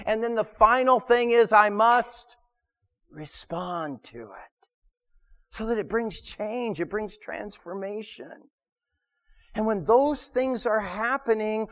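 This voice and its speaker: A man preaching in a church, his voice pitched high for a man and carrying a long reverb from the hall. He stresses his points, repeats himself and asks the listeners questions as he teaches. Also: a bit bright. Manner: emphatic, repeats words, asks the congregation questions. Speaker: pastor. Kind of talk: sermon. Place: church sanctuary.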